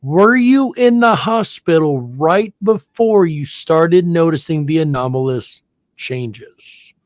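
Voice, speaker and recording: A man's voice: fairly high pitch, lively intonation, slow, no echo. A man moderating a panel discussion on a video call, reading out questions with a self-deprecating, laughing manner.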